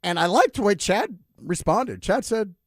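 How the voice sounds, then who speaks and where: A male sports radio host telling stories in an animated, chatty way, full of asides. His pitch rises and falls a great deal, and the studio sound is dry and close to the mic. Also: normal speed, dry recording. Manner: animated storyteller, lively with asides. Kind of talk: casual radio storytelling.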